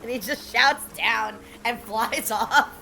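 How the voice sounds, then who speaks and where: A woman's voice: fairly high pitch, slow pace, creaky, noisy background. A woman player describing her actions in a tabletop game, hesitant and casual.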